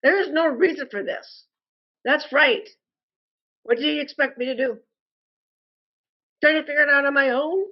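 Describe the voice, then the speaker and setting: A frustrated woman delivering an indignant complaint monologue, speaking deliberately and calling her listeners "folks". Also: high-pitched, highs cut off. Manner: slow, deliberate and indignant, addresses viewers as "folks". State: frustrated and angry. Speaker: customer posting a complaint review.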